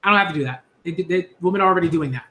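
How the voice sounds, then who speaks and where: Guy with a high voice ranting earnestly to his viewers, lots of um and like, roomy echo. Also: rapid-fire, fairly bright tone. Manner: earnest, repetitive, many fillers and restarts. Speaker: YouTube commentator. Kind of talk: casual monologue to camera.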